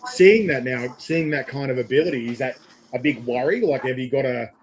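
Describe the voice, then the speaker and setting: A man interviewing a guest in casual chat, telling animated stories and acting out the quotes. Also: mid-range voice, fairly quick, poor audio. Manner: animated storyteller, acts out quotes with big laughs.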